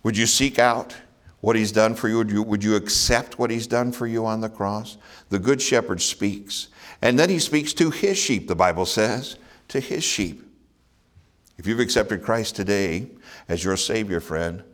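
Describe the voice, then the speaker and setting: A man's voice: fairly low pitch, moderate pace. A man preaching a sermon, earnest, asking his listeners rhetorical questions and chuckling now and then. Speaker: pastor.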